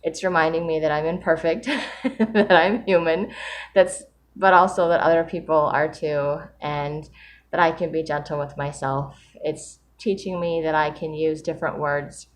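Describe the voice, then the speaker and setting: A woman talking candidly in a reflective personal vlog, earnest and open, with soft laughs and fillers as she speaks of gratitude and faith. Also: sits low, fairly even intonation, normal speed, a little hiss or hum. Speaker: vlogger sharing a daily writing video.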